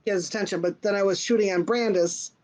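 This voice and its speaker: A woman's voice: medium pitch, fast talker. A woman playing a tabletop game, arguing rules points casually. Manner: argues rules points with animated emphasis. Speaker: player.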